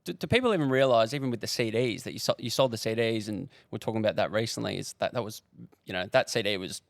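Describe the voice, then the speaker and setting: A man co-hosting an interview, asking questions in a halting, stumbling way. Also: fairly low pitch, vocal fry, no echo, clean studio sound. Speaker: podcast co-host.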